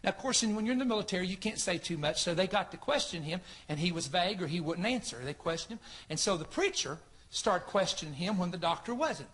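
A male preacher with a high, forceful voice tells a story from the pulpit. He talks in an animated way and slips into the voices of the people in his story as he goes. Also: fast talker. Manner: animated, acts out reported dialogue. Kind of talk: sermon storytelling.

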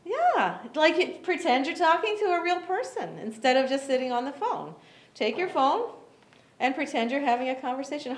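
A woman teaching an English class for job seekers, speaking slowly and clearly, encouraging and often laughing. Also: high voice, sing-song. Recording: echoey classroom.

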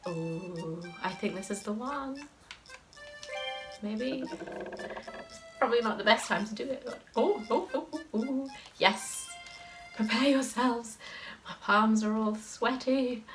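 A woman's voice: fairly high pitch, slow, long pauses, a bit bright, soft background music, rough recording. A woman chatting casually through a gameplay video, reading game text aloud and laughing often.

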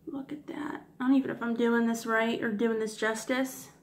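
A woman beauty vlogger swatching makeup for her viewers, gushing and giddy, often apologizing for her technique and dropping into soft whispers. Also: on the high side, level tone, a little fast. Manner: gushing, giddy, keeps addressing viewers as guys. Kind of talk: casual makeup swatch review.

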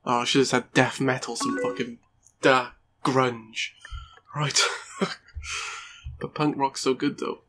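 A man's voice: medium pitch, steady tone, takes it slowly, long pauses, fairly bright tone, a little hiss or hum. A man giving let's play commentary over a game, swearing often and joking at his own expense. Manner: sweary, joking, self-mocking. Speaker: gaming YouTuber.

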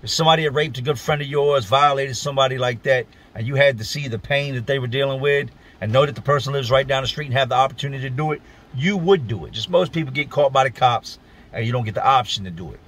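A man's voice: medium pitch, fast, a bit bright. A man from Richmond, Virginia, casually telling a true story to his channel in blunt, profane street slang.

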